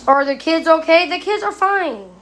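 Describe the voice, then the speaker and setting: A woman's voice: very high-pitched, normal speed, a bit bright, echoey room, rough recording. A woman streaming casually from her home, blunt, profane and ranting as she talks back to viewers. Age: adult. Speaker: TikTok live streamer. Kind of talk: casual livestream chat.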